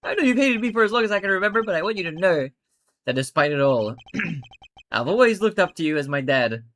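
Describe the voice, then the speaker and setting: An earnest young prosecutor, as a man reads him, steady and heartfelt. The voice stays lower and softer, with lively pitch. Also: fairly quick, a little hiss or hum.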